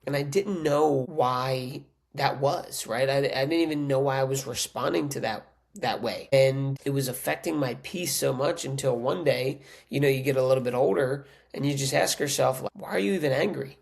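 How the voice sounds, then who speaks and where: A man speaks as a podcast coach in a casual, earnest monologue. His voice sits at a middle pitch with a gravelly, creaky edge. He keeps it conversational, often tagging lines with a quick question to the listener. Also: a little mellow. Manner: earnest, conversational, frequent "right?" tags.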